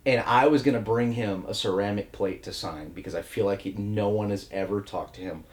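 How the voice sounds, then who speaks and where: A man co-hosting a podcast in casual chat, telling animated stories and acting out quotes. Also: brisk. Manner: animated storyteller, acts out quotes in high voices. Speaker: podcast co-host.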